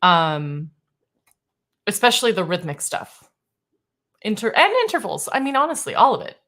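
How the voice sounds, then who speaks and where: A woman voice coach leading a livestream singing warm-up, chatty and self-deprecating, demonstrating sung exercises on simple syllables. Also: mid-range voice, big pitch swings, normal speed. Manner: chatty and self-deprecating, laughing at her own slips.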